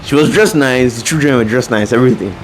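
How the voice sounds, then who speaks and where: A man's voice: medium pitch, fast, low-quality recording. A young man from Nigeria co-hosting a podcast, speaking casually with frequent restarts and fillers. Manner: hesitant, many restarts and fillers. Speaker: podcast co-host. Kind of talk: casual chat. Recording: faint background noise.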